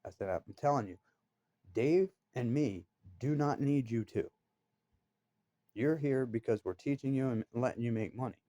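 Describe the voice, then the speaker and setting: A man's voice: mid-range voice, moderate pace, pauses often, dark tone, dry recording, muffled recording. A man telling a work story in a blunt, heated, profane way. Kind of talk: casual storytelling.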